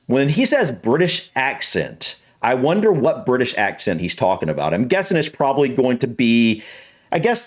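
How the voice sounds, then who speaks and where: An American man hosting a reaction video, chatting casually from an upstairs room at home in a rambling way, full of fillers and restarts. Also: medium pitch. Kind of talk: casual chat.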